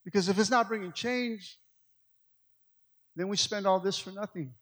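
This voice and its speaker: A high-pitched male pastor delivering a sermon in a hall with a long echo. He presses the congregation with rising, near-shouted questions, then drops to soft, intimate stretches. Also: moderate pace. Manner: preaching with rising, shouted appeals and quiet stretches.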